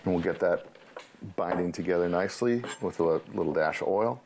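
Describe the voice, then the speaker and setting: Guy with a really deep voice talking beer, lots of uhs, light hiss. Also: brisk. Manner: hesitant, many uh fillers. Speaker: beer sommelier guest. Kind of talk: casual explanatory chat. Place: studio kitchen.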